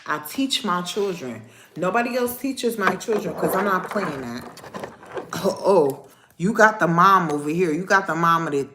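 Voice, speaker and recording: A young adult woman, hosting a casual livestream and ranting to her viewers in a sassy, animated way. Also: fairly low pitch, moderate pace, noisy background. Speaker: livestream host. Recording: echoey room.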